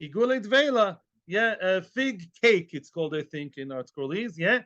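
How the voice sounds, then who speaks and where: A man teaching a daily Talmud class, lively and conversational, mixing in Hebrew and Yiddish terms and often checking in with "yeah?". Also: high voice, moderate pace. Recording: dull lo-fi recording.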